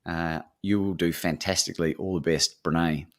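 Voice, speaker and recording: A man's voice: low-pitched, fairly even intonation, moderate pace. A man putting on a gracious Texan woman. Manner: gracious, composed phone manner. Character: polite American woman author with Texan drawl.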